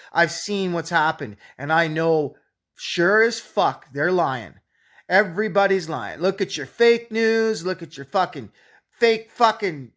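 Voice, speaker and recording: A man's voice: high voice, fairly bright tone. A man in his late forties ranting bluntly at critics, swearing nearly every sentence. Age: 40s. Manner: swears constantly, blunt and combative. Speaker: YouTube channel owner. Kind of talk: profane angry rant.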